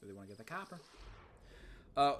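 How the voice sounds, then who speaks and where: A gaming streamer giving casual let's play commentary, rambling and excitable, swinging between muttered whispers and loud outbursts. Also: medium pitch, fast, slight background noise.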